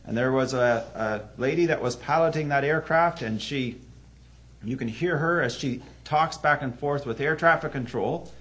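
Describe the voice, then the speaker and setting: A man preaching an evening sermon, telling a story earnestly, with sudden swings between loud emphasis and hushed drops. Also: medium pitch, normal speed.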